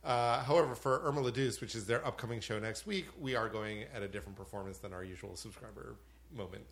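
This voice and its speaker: A man co-hosting a podcast, joking and telling anecdotes in casual chat. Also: lowish voice. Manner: quick, joking anecdote-teller. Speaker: podcast co-host.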